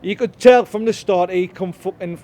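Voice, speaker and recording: A man's voice: sits high, normal speed, mellow. A man from Sunderland with a Sunderland accent, giving an angry, swear-filled street interview as a football fan and repeating himself often. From Sunderland, England. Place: outdoors in a town centre.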